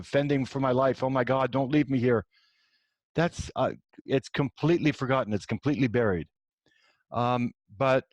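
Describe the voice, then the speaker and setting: Hosting a show, this middle-aged man tells a story from his own life in a medium-pitched voice, with no room sound at all. His delivery is lively as he performs the lines of dialogue, frequently starting over.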